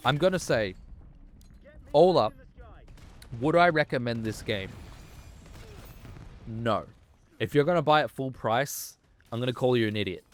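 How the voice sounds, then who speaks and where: A man's voice: mid-range voice, expressive, a little slow, long pauses. A man in his twenties rants about a video game in a loose, profane way. He gets heated, stumbles, and restarts his thoughts as he goes. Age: 20s. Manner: heated, swearing, rambling with frequent restarts. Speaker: gaming vlogger. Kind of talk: casual ranting commentary.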